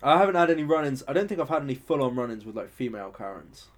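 A young man, telling stories in casual chat, sweary and animated, acting out quotes loudly. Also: mid-range voice, rapid-fire.

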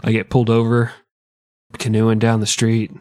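A man's voice: on the low side, completely flat delivery, normal speed, darkish tone, dry recording, clean studio sound. A man co-hosting a comedy podcast, riffing profane bits and acting out silly scenes. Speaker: podcast co-host. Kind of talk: improvised comic banter.

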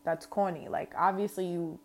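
A woman's voice: fairly low pitch, steady tone, normal speed, a little mellow. A woman with a New York accent telling a storytime vlog in a brash, casual way, full of slang and swearing. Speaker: vlogger.

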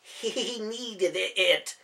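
A man's voice: extremely high pitch, a little slow, a bit bright, pitched above the performer's own voice. A man voicing a nervous, stammering young man in a storybook reading. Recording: voice from a distance off mic.

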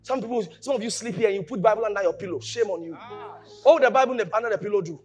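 A man preaching a sermon, animated, shouting at times, mimicking voices and laughing. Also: high voice, rapid-fire, faint music behind. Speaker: pastor.

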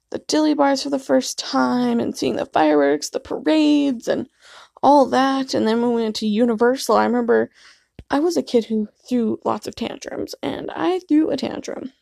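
A woman's voice: fairly high pitch, gravelly, darkish tone, no echo, clean studio sound. A woman in her twenties casually telling rambling, self-deprecating stories to camera, with plenty of fillers. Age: 20s. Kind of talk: casual vlog storytelling.

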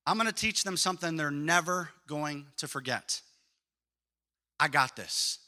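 A man voicing Jesus thinking quietly to himself, calm and resolved. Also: fairly high pitch, measured pace, exaggerated voice.

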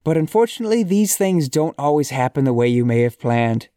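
A man's voice: a little high, very animated, brisk, mellow, no room sound, studio quality. A man voicing a prickly male Irish restaurant owner in a comic reading, putting on an Irish accent and sounding sarcastic and mock-polite.

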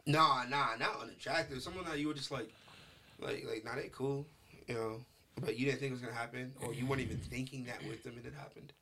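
A man's voice: mid-range voice, quick pace, a little hiss or hum. Slangy New guy telling stories. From New York. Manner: animated, slangy, tells stories with acted quotes. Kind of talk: casual chat, storytelling.

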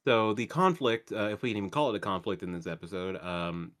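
A man with a fairly low voice co-hosts a podcast in loose, casual chat. He is sardonic, swears freely, and often restarts his sentences mid-thought. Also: brisk, a bit bright. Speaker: podcast co-host.

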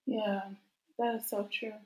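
A young adult woman hosting a casual interview, chatty and animated, laughing often. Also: fairly high pitch, measured pace. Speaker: podcast host. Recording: echoey room.

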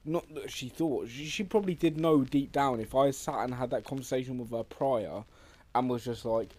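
A man's voice: mid-range voice, normal speed, darkish tone. Rambling man co-hosting a podcast. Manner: rambling, restarts often, swears casually. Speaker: podcast co-host. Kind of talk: casual chat.

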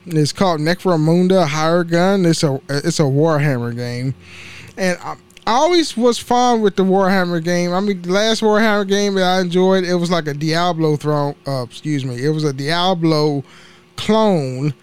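A young man with a notably high voice talks through his solo podcast in loose, casual chat. He rambles from topic to topic, swears freely and laughs at his own slips of the tongue. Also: normal speed, clear, resonant tone. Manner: rambling, profane, laughs at himself. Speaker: podcast host.

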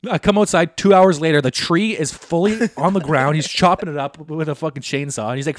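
A man's voice: on the high side, a little fast, hardly any pauses, dry recording, studio quality. A man, co-hosting a podcast and telling rambling, profane stories in casual chat. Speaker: podcast co-host.

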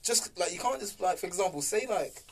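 A man's voice: high-pitched, expressive, a crowd in the background. A young man, co-hosting a casual, argumentative podcast chat full of slang and jokes. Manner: fast, argumentative, jokey with slang. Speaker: podcast co-host.

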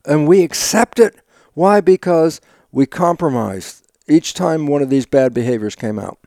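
An older man, an interview guest, telling stories with lively acted-out dialogue, sudden loud bursts and frequent laughs. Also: a little high, a little slow, gravelly, dry recording, studio quality. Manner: laughs often while talking. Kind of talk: animated conversational storytelling.

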